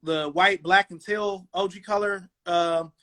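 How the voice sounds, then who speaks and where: A man in his forties from Cleveland hosting a casual sneaker talk show over a video call, relaxed and rambling. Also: sits high, a little slow. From Cleveland, USA. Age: 40s. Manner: relaxed, rambling, lots of "um" and "you know". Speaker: podcast host. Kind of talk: casual chat. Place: home dining room.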